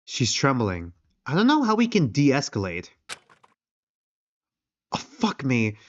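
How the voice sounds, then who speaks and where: A man's voice: medium pitch, wildly swooping pitch, takes it slowly, dry recording, highs cut off. A man casually commenting and joking while streaming a game, thinking aloud. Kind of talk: live gameplay commentary and reading. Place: outdoors, quiet.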